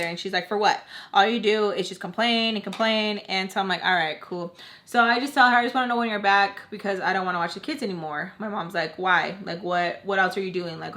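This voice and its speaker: A young woman vlogger with a mid-range, sharp-toned voice tells a personal story while doing her makeup. It's a casual storytime, candid and blunt, and she swears freely and chats away with lots of "like"s.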